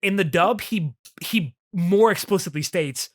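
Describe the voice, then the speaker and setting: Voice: medium pitch, expressive, unhurried, hardly any pauses. A young adult co-host talking casually and rambling about an anime episode, with many fillers and restarts. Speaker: podcast co-host.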